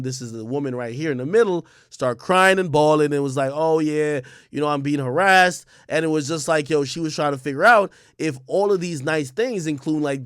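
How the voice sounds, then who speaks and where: A man's voice: a little high, no echo. Profane, emphatic streamer man, dry sound. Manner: emphatic, profane, repeats words and restarts often. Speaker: streamer and commentator. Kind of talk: casual livestream commentary.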